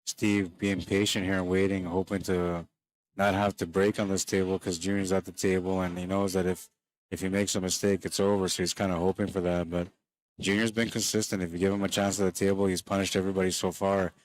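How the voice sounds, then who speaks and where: Deep-voiced and fairly quick, a man narrates a pool match live for stream viewers in a relaxed, conversational manner. He seems a little tired late in the day, and the audio carries no room sound.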